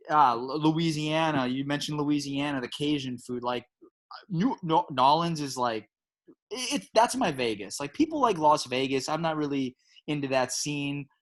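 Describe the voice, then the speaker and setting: A middle-aged man from Chicago with a Chicago accent, chatting casually as a guest with lots of restarts and enthusiasm. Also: on the high side. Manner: enthusiastic, rambling with many restarts. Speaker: guest, home pizza maker. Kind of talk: casual chat.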